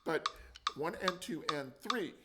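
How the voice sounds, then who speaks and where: A man's voice: on the high side, animated, a little slow, heavy background noise. A man teaching a percussion lesson, explaining and counting out drum rhythms. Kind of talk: instructional demonstration. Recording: loud drumming and clicks behind.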